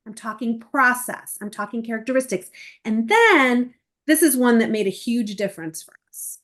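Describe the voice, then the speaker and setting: Middle-aged woman, essay coach, lively interview guest who acts out quotes; voice sits a little high. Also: moderate pace. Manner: animated, acts out quoted emails and parents.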